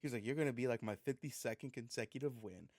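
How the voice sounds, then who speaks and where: A young man co-hosting a podcast, telling an animated, profane story in casual chat. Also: medium pitch, quick pace, no echo, clean studio sound. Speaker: podcast co-host.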